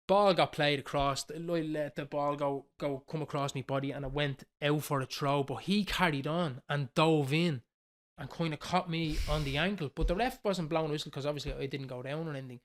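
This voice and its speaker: Fast-talking Dublin man telling stories. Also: a little high. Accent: Dublin Irish. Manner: animated, swearing, quoting others. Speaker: podcast host. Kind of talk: casual storytelling.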